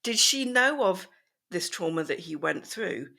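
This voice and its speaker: Gravelly, bright-voiced woman host. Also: fairly low pitch, lively intonation. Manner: measured questions and introductions. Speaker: radio host. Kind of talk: radio interview.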